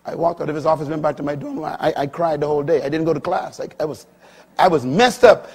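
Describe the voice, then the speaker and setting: A man in his sixties preaching a sermon, swinging from quiet, low stretches to loud, high, emphatic lines. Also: fast talker, husky. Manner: dramatic swings from quiet to loud, rising pitch on key lines. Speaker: pastor.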